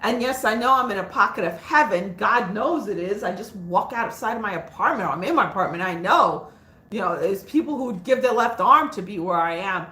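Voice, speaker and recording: A woman's voice: mid-range voice, expressive, fairly quick, bright, forceful tone. A woman hosting a spiritual livestream, talking in a rambling, frank, casual way with lots of fillers. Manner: chatty, frank, laughs easily, many fillers. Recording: echoey room.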